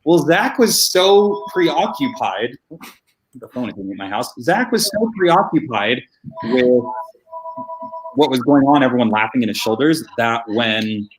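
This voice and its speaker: A man's voice: mid-range voice, expressive, unhurried, a little hiss or hum, low-quality recording. A young man and cast member telling a funny story on a video call, laughing as he goes. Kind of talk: animated anecdote on a video call.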